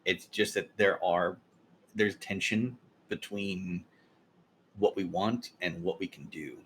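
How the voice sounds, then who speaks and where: A man's voice: low-pitched, steady tone, slow, a bit bright, slight background noise. A man in casual gaming voice chat, rambling and reassuring, swearing freely. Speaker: guild member.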